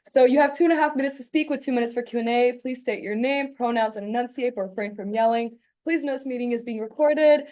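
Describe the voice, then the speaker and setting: A young woman chairing a student senate meeting, friendly and brisk as she reads out procedures. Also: on the high side, a little mellow.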